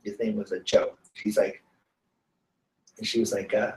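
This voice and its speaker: A man's voice: fairly low pitch, normal speed, reverberant, recorded from a distance. A man from the San Francisco Bay Area, a guest teacher telling stories in a casual interview and acting out the people he quotes. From San Francisco Bay Area, USA. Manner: lively storyteller who acts out quoted voices. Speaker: guest teacher of students and clients.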